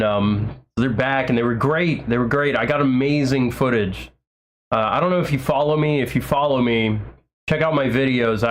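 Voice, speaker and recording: A man talking straight to his livestream audience in a loose, casual way. He rambles, trips over restarts and fills gaps with ums and likes. His enthusiasm keeps spilling over as he gushes. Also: mid-range voice. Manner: rambling, many fillers and restarts; enthusiastic, gushing. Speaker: livestream host.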